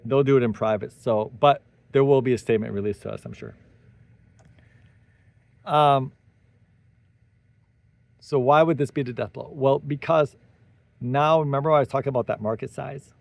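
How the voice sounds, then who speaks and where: A man's voice: mid-range voice, moderate pace, creaky, long pauses, no echo. A man hosting a solo tech commentary, talking animatedly with sarcastic asides and tangents. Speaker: tech commentary channel host.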